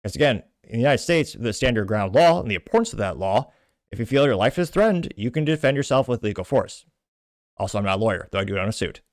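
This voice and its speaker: A man's voice: lowish voice, expressive, quick pace, no room sound, studio quality. A man from Texas hosting a political commentary show, delivering blunt, indignant rants with heavy emphasis.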